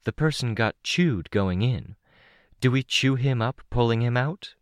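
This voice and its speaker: A man's voice: mid-range voice, lively intonation, a little slow, no echo, clean studio sound, voice pushed up, lightly acted. A man doing a young woman teammate, lightly raised.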